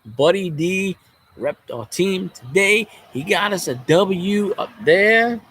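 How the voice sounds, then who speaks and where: A man's voice: high voice, expressive, takes it slowly, a bit bright, breathy edge. A man who vlogs as a sports fan, ranting in a casual, rambling way with a lot of swearing and jokes. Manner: profane, joking, rambling.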